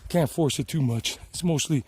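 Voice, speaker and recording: A man's voice: on the high side, normal speed, darkish tone, breathy edge, dry recording. Fields: middle-aged Southern US man, chatty hiking vlog. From South Carolina, United States. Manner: chatty, meandering, repeats himself. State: sweating from the climb. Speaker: travel vlogger and English teacher. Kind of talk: casual rambling narration while hiking. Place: outdoors on a mountain trail. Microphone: handheld phone.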